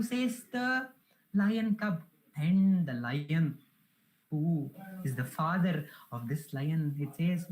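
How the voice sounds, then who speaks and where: A woman's voice: low-pitched, animated, slow pace, darkish tone, rough recording. A woman giving a devotional talk, telling a parable in an earnest, reverent way. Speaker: spiritual speaker.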